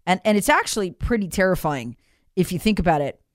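A woman's voice: fairly low pitch, lively intonation, fairly quick, dry recording, studio quality. A woman delivering an emphatic, incredulous political opinion monologue straight to her viewers. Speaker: political commentator.

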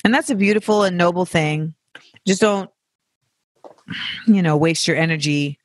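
Podcast host, casual frank chat, profane, playful tangents, bright edgy tone, dry close mic. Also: mid-range voice, normal speed, dry recording. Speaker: podcast host answering listener questions.

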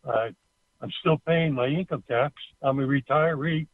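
A man's voice: medium pitch, no room sound. Elderly man on a tinny phone line. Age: 70s. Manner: plain, halting complaint. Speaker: caller. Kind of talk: phoned-in recorded rant.

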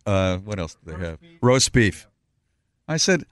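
A man's voice: fairly low pitch, moderate pace, dry recording. A middle-aged man hosting a talk show, telling a story and acting out the quotes. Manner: animated storyteller, acts out quotes. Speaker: radio show host.

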